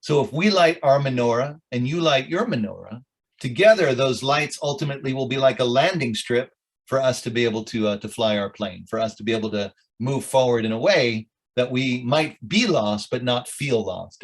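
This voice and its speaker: A man's voice: medium pitch, normal speed. A middle-aged rabbi telling stories with jokes and asides to his audience at a club meeting. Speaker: rabbi, guest speaker. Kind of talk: informal talk at a club meeting.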